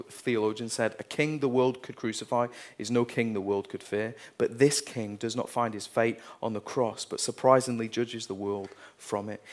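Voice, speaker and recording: A man preaching a sermon, earnest, reading scripture passages with rising intensity. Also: mid-range voice.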